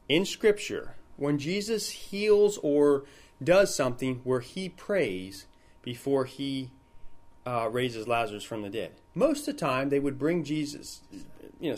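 A man leading an informal Bible study, talking in a relaxed, conversational way and acting out the people in the story. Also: medium pitch. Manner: conversational, retells scenes in acted quotes.

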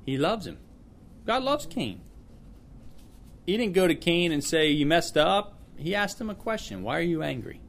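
A man's voice: a little high, big pitch swings, normal speed, creaky, long pauses. A man leading a small-group Bible study in an informal teaching style, earnest and often repeating words as he thinks aloud.

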